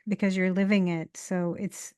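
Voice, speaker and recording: A woman's voice: lowish voice, flat delivery, normal speed, mellow, clean tone. A woman co-hosting an interview, asking questions and thanking the guest in an appreciative way. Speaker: co-host. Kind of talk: casual interview chat.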